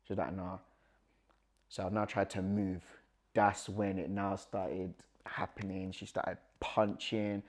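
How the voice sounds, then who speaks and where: Young man, lowish voice, guest recounting his story with lively, acted-out dialogue. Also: unhurried. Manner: animated, acts out quoted dialogue, nervous laughs. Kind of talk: personal storytelling.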